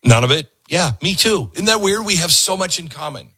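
A man's voice: fairly high pitch, animated, a little fast, bright, forceful tone, slightly rough, no room sound. Sarcastic ranting talk radio host, man. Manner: sarcastic, ranting, mocking voices. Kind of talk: opinionated political talk radio.

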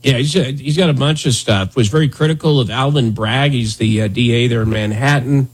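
A man's voice: medium pitch, fairly quick, husky. A man hosting a talk radio show, riffing in a sarcastic, rambling, mock-indignant way. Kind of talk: casual comedic talk radio banter.

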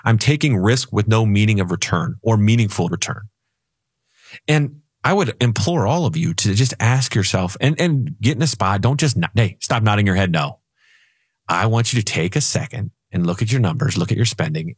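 A man's voice: lowish voice, expressive, moderate pace, slightly rough, dry recording, clean studio sound. A man co-hosting a financial radio talk show, telling stories in a playful, emphatic way.

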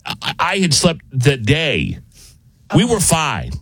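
Animated man telling a story. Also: fairly high pitch, slow, breathy edge, dry recording. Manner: animated, self-deprecating storytelling. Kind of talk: casual chat.

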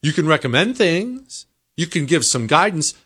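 An American man hosting a talk show, delivering an emphatic opinion monologue that climbs into high-pitched exasperation. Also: sing-song, moderate pace, pushed and bright, slightly rough. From United States. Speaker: political talk show host.

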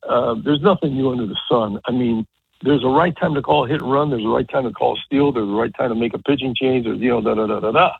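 A man in his seventies, a retired baseball coach, telling stories on a radio show in a rambling, animated way with many restarts. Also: medium pitch, fast, creaky, slightly rough, no echo. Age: 70s. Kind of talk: casual radio interview. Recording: tinny phone line.

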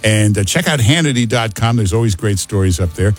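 A man's voice: on the low side, expressive, fairly quick, faint music behind. A man hosting a call-in radio talk show, emphatic and joking, repeating himself for effect.

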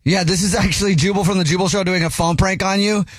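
A man hosting a morning radio show, relaxed and deadpan, with a husky voice. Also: high-pitched, fast talker, dry recording, soft background music.

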